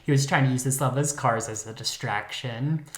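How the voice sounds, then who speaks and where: Co-hosting a podcast, a man tells a true-crime story in a campy, joking, casual chat. He speaks briskly at a medium pitch, and the recording has a roomy echo.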